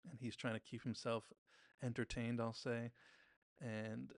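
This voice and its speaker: A man's voice: medium pitch, flat delivery, measured pace, dry recording, studio quality. A man hosting a podcast, casually recapping a TV episode scene by scene, briefly mimicking the characters' lines.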